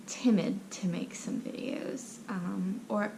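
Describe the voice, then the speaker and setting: A young woman hosts a casual personal chat, keeping her voice hushed and often half-whispered. She takes her time with an unhurried pace and a soft, warm timbre, and she rambles with frequent fillers. A faint hiss sits behind her. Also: medium pitch, gravelly, low-quality recording. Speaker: channel host. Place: at home, someone asleep next door.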